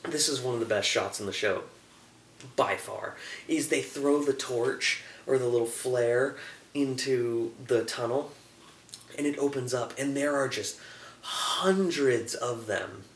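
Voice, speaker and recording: Young male reviewer, excitable, recorded a bit off-mic with faint hiss. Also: medium pitch, reverberant, recorded from a distance. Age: young adult. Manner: enthusiastic, acts out scenes in quick put-on voices. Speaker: show reviewer. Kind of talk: casual review monologue.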